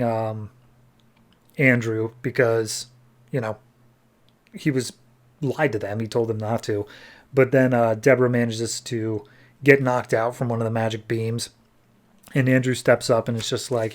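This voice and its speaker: A man's voice: mid-range voice, moderate pace, a little mellow. Laid-back man acting out comic scenes. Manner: retells scenes by acting out characters' lines. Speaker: podcast co-host. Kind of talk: casual comic book recap.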